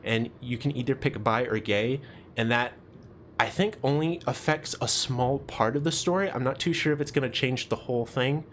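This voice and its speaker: A man's voice: medium pitch, normal speed, a bit bright, a little hiss or hum. Man reading a game story aloud. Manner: casual, chatty asides with laughter. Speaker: streamer reading a visual novel.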